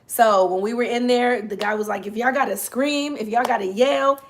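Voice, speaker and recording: A woman in her thirties hosts a relaxed livestream, talking straight to her viewers and thanking them one by one. Her voice comes out slightly raspy and strained, with a lilt and easy laughs between the chatter. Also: fairly high pitch, normal speed. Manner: chatty, greets viewers by name, laughs often. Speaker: livestream host. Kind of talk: casual livestream chat with viewers.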